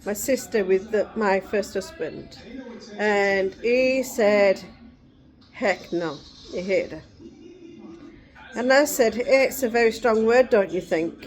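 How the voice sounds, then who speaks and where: A woman's voice: mid-range voice, slow pace, pauses often. A middle-aged woman vlogging in casual chat, rambling and digressive.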